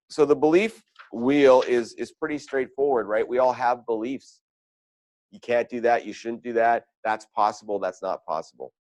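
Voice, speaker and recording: A man's voice: lowish voice, a little mellow, no echo. Man giving a dry, close motivational talk. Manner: conversational, storytelling with quoted asides. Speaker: sales coach.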